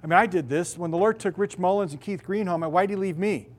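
A middle-aged man, a pastor, preaching a sermon with emphatic, drawn-out stresses on key words. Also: high voice.

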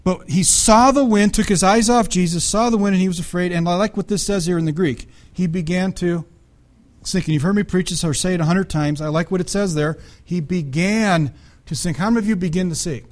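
A man with a notably high voice preaches to his congregation. He reads scripture passages aloud and breaks in with casual asides. He keeps asking his listeners whether they follow. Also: quick pace, hardly any pauses. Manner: conversational preaching with frequent checks to the congregation. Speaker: pastor. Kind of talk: sermon.

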